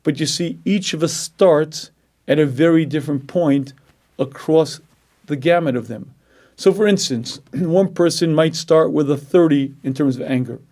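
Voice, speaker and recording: A man giving a Jewish ethics lecture, clearing his throat often and acting out inner voices as he teaches. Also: a little high. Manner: animated, acts out inner voices. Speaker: Torah lecturer.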